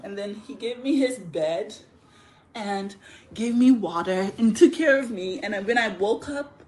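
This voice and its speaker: A woman casually telling a story on a phone livestream, chatty and animated, laughing often. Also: medium pitch, a little slow, slight background noise. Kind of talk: casual live story time.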